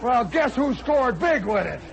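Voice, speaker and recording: Guy in his 40s with a really high voice, telling a wild story on old radio, faint crowd and hiss behind. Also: a little slow, gravelly. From United States. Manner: animated, acts out voices, shouts for comic effect. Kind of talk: spoken storytelling monologue.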